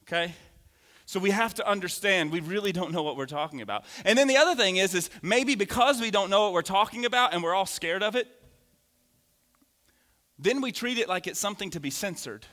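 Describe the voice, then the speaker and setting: A preacher in his thirties gives a lively, animated sermon, joking with his congregation a little fast. His bright voice sits slightly high and rings out with long reverb through the church sanctuary.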